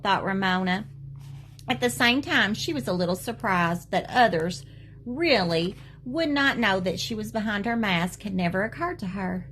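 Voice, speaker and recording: A woman teacher reading a children's book aloud to her students, gentle and animated. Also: mid-range voice, normal speed, slight background noise.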